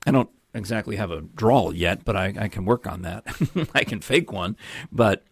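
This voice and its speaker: A man's voice: on the low side, moderate pace, vocal fry, breathy edge, dry recording, clean studio sound. An older man from New York hosting a live show, telling rambling stories to viewers with lots of ums and asides. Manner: chatty storyteller, many ums and asides. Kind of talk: rambling casual chat to viewers.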